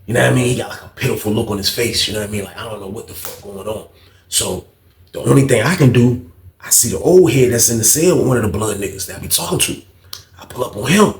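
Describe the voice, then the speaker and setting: A man telling a story in a casual, animated way, full of slang, dropping to a hush for the tense parts. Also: medium pitch, fast talker. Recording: echoey room.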